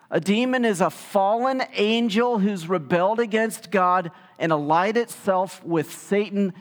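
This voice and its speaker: A male pastor preaching a sermon in a conversational, animated storytelling way, with casual asides. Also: sits high. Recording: reverberant hall sound.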